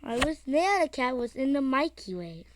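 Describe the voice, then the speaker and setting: A woman commenting as she plays a mobile game, excitable, with sing-song chatter and yelps. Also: high voice, normal speed, a little hiss or hum. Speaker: gamer.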